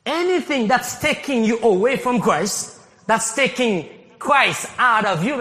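A man from Haiti preaching a sermon as pastor, animated, laughing often and rising to shouts. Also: very high voice, measured pace. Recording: long hall reverb.

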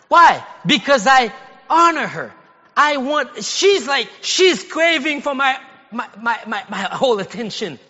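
High, bright-voiced male pastor preaching in an echoey hall. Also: very animated, slow, long pauses, dull audio. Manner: conversational preaching, rising to shouted exhortation. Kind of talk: sermon. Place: church sanctuary.

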